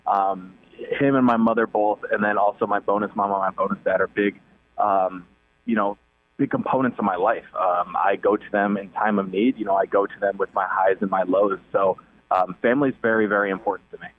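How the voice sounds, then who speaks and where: Young male phone guest, easygoing and upbeat, lower voice over a dry, tinny line. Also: steady tone, a little fast, no echo. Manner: easygoing, upbeat, with many fillers. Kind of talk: casual phone interview.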